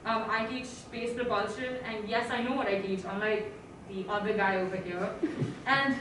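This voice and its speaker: A woman's voice: medium pitch, fairly even intonation, moderate pace, a bit bright, slight background noise, voice pushed down, lightly acted. A young woman improvising as a sarcastic physics professor delivering a mocking eulogy for her teaching assistant, casual and swearing. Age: young adult. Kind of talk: improv comedy scene. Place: stage in a university hall. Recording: echoey hall from far off.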